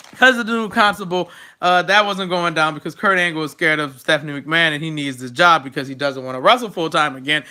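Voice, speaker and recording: A man's voice: sits high, bright, forceful tone. A man recapping wrestling shows in a casual, sarcastic and exasperated rant. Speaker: wrestling show reviewer.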